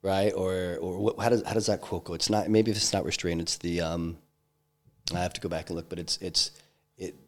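A man with a very deep, low voice recounts a hard personal episode in an interview. He talks haltingly, restarting sentences and filling gaps with ums. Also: steady tone. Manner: halting, many restarts and fillers. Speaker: interview guest, entrepreneur. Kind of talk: candid personal storytelling.

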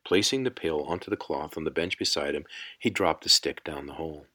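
A man narrating a fantasy audiobook in a measured, unhurried storytelling manner. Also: a bass voice, bright, forceful tone, breathy edge. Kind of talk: scripted narration.

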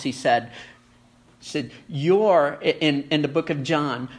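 A pastor preaching a sermon, repeating phrases for emphasis and moving between raised, urgent lines and hushed, quiet ones. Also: mid-range voice, unhurried.

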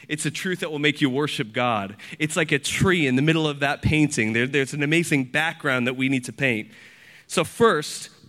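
High, bright-voiced passionate male preacher. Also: long reverb tail. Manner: passionate, building to emphatic peaks, quick restarts. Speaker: pastor. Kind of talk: sermon.

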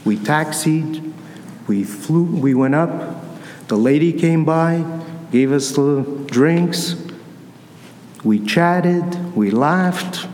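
Guy giving a homily, chatty storyteller, kinda high voice, big reverby church sound. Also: lively intonation, drawn-out words, darkish tone, a little hiss or hum. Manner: conversational storytelling, acts out dialogue. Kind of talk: sermon with personal story. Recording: echoey church with long reverb, faint ambience.

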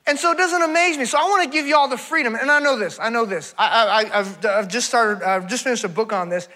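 A man preaching a sermon to a congregation, animated, asking rhetorical questions and calling the crowd "y'all", swinging from near-shouts down to low, calm talk. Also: quick pace. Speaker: traveling preacher.

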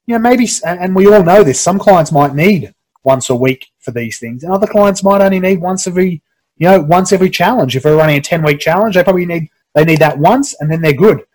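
A man hosting a casual interview on a video call, halting with many restarts. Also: sits high, a little mellow, poor audio. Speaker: podcast host.

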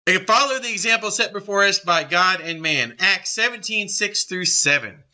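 A middle-aged man leading a Bible study, blunt and confrontational, with quick asides to his group. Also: sits high, animated, bright, forceful tone. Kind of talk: forceful Bible study teaching.

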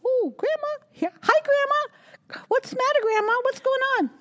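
A woman voicing a sweet, helpful little granddaughter in a children's story, bright and solicitous. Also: extremely high pitch, animated, moderate pace, voice pushed up. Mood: concerned.

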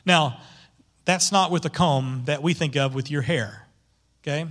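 A middle-aged male pastor with a fairly high pitch preaches unhurriedly. He is animated and keeps asking his congregation rhetorical questions.

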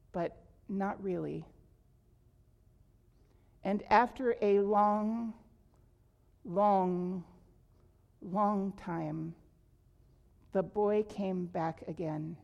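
A woman reading a children's story aloud in a slow, gentle, deliberate way. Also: medium pitch, creaky.

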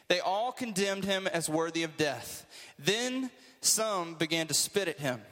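A man's voice: a little high, animated, unhurried, fairly bright tone, long reverb tail. A man preaching a casual, conversational sermon to a group, with joking asides.

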